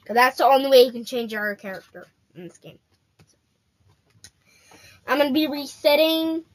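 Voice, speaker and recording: A woman's voice: high voice, animated, moderate pace. A female gaming host giving casual, playful commentary straight to her viewers while she plays.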